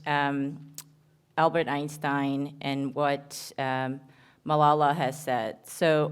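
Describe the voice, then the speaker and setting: Low-voiced woman surgeon, earnest and halting. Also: smooth. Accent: American, New Jersey. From Korea. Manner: earnest, halting with frequent ums and restarts. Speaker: surgeon giving a conference talk. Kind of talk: conference presentation.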